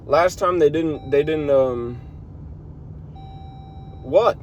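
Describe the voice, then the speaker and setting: A young man who lives in his car vlogs casually to the camera from inside it, venting in a rambling, profane monologue. His voice is fairly high and very slow, the sound is lo-fi, and faint car and street noise sits in the background.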